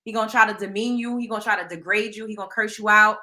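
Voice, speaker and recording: A woman's voice: mid-range voice, fairly even intonation, racing, pushed and bright. A woman with a Southern US accent hosting a casual live stream, talking bluntly and emphatically in slang and speaking straight to her viewers. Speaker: host.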